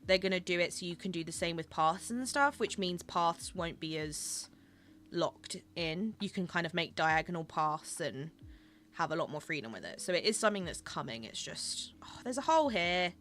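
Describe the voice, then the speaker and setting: A woman's voice: fairly low pitch, lively intonation, moderate pace, fairly bright tone, slight background noise. A young woman chatting casually with her viewers while she plays and streams a game, gushing over small things.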